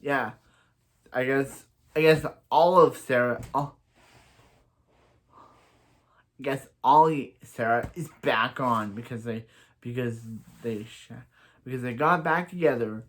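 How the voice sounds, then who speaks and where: A man's voice: mid-range voice, measured pace, a bit bright. Rambling man recapping a TV episode. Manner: rambling, stumbling over restarts; bluntly opinionated. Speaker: TV episode reviewer.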